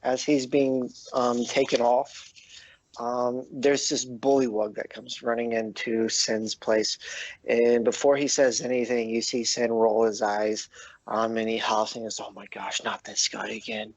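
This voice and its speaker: Slow, halting male game master. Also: mid-range voice, level tone, no echo, poor audio. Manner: halting narration with many ums. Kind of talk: narrating a tabletop game.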